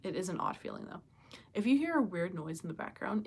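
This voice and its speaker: A woman's voice: on the low side, big pitch swings, fairly quick, vocal fry, slight background noise. A woman hosting a casual live chat from home, thinking aloud and reading out viewers' comments, with many fillers and questions to her viewers. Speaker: livestream host chatting with viewers. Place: home with pets nearby.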